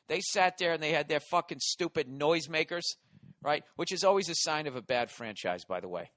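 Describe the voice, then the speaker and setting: A hoarse man hosting a podcast, delivering a profane, exasperated comedic rant. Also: mid-range voice, a bit bright, no echo, studio quality. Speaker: podcast host.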